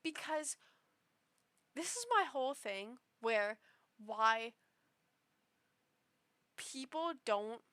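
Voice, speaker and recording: A tipsy woman with a high, bright voice rambles through a casual reaction, stumbling and restarting as her feelings spill out. She talks slowly, and the dry sound puts her right up close to the mic. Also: animated, dry recording. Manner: rambling and emotional, with many restarts. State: tipsy after two shots. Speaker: streamer reading online posts.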